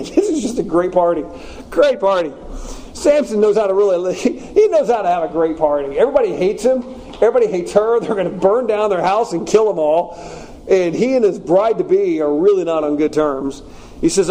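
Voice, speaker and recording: A man's voice: a little high, poor audio. A man preaching in a casual, joking way, acting out the story's lines as he teaches. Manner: animated, joking, acts out quotes. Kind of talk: conversational sermon.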